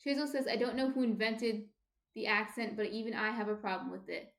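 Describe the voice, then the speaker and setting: A woman's voice: fairly high pitch, fairly even intonation, brisk, creaky, a bit bright, echoey room. A woman from New Jersey chatting casually on a baking livestream, reading out viewer comments in a rambling way full of fillers and restarts. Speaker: baking streamer. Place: home kitchen.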